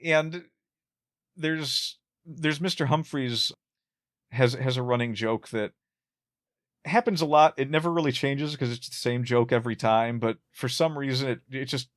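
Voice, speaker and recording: A man in casual conversation about an old sitcom, his voice sitting in a middle pitch. He wanders through his points with lots of restarts and chuckles at his own jokes. The tone is relaxed and conversational. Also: moderate pace. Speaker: podcast co-host.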